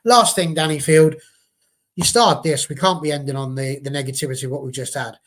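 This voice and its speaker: A man's voice: on the high side, fairly even intonation, fairly quick. A man from England hosting a casual football fan chat, leading the questions in a chatty way. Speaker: podcast host.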